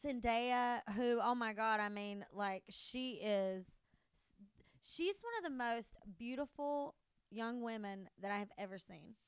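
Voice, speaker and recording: A woman in her thirties with a Southern US accent, a podcast guest chatting in a bubbly, gushing way with quick laughs. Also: on the high side, clean tone, dry recording. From American South. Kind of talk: casual interview chat.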